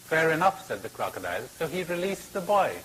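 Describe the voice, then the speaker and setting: A man giving a spiritual talk and telling a fable, expressive with dramatic pauses. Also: a little high, a little hiss or hum, rough recording. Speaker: spiritual speaker.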